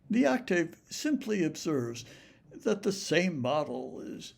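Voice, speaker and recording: A man giving a measured literature lecture, explaining poetic form and reading verse aloud deliberately. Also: on the high side, vocal fry, darkish tone. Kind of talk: recorded lecture with poetry reading.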